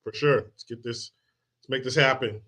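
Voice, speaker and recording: A man's voice: mid-range voice, steady tone, normal speed, bright, forceful tone. A man hosting a live political commentary stream, casual and profane, joking with the chat and quoting movies. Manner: loose and joking, reads chat aloud, drops into movie quotes; profane, sarcastic.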